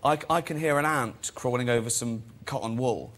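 A man's voice: mid-range voice, moderate pace, fairly bright tone. A man, a guest on a chat show, telling self-deprecating anecdotes and acting out the people in them. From England. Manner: self-deprecating anecdotal storyteller, acts out voices. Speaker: talk show guest, actor-director.

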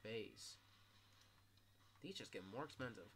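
A man commentating his own gameplay casually, swearing a lot and yelling in sudden bursts. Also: fairly low pitch, expressive, slow pace, slight background noise. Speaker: gameplay streamer.

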